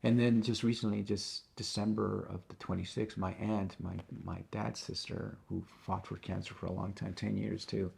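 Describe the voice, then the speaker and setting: A middle-aged man, a musician being interviewed, talking in a halting way and often repeating and restarting his words. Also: lowish voice, flat delivery, gravelly, a little mellow, breathy edge. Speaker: interview guest, tribute band musician. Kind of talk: casual interview conversation.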